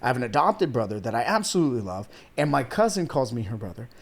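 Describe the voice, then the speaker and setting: Gravelly and very animated, this man speaks quickly at a medium pitch. He's an Iranian weight loss coach in his thirties, a podcast guest relaying his life story in a casual, earnest, heartfelt way, calling the host "man" and "dude" and sometimes almost crying.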